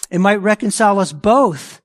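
A man's voice: sits high, animated, moderate pace. A man preaching a sermon in an emphatic, conversational way, repeating phrases for stress. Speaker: pastor.

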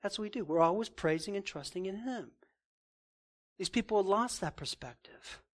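A man's voice: high-pitched, lively intonation, normal speed. A man preaching a sermon in an earnest, emphatic way, asking questions and answering them himself. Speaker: pastor.

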